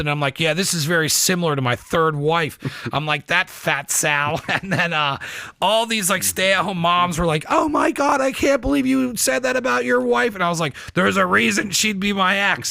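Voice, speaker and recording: A man hosting a casual podcast, his voice bright and fairly high for a man. He talks in a profane, animated way, acting out the rants he quotes. The sound is dry and close to the mic. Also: no room sound. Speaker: podcast host.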